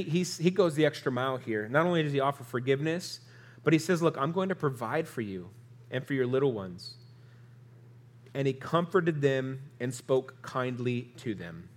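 A male pastor preaching an earnest sermon, his voice rising through lists and dropping soft on the key lines. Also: medium pitch.

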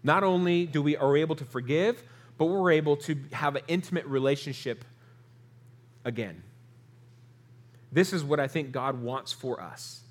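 A man's voice: on the high side, moderate pace, pauses often. Man preaching an earnest sermon. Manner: earnest preaching, rising on lists, softening on key lines. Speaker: pastor.

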